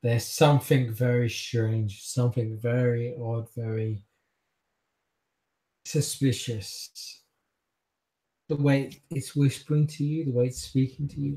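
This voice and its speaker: A man narrating as game master in a measured way, repeating phrases for effect. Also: mid-range voice, steady tone, warm tone, echoey room.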